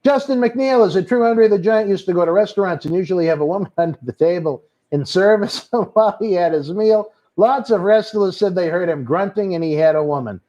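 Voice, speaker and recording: A man with a Boston accent hosts a casual live stream, reading viewer comments aloud and calling everyone brother. His voice sits high but has a dark, mellow tone. The stream audio sounds dull and lo-fi. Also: brisk, hardly any pauses. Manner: reads out viewer comments, calls people brother. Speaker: host of a wrestling watch-along stream.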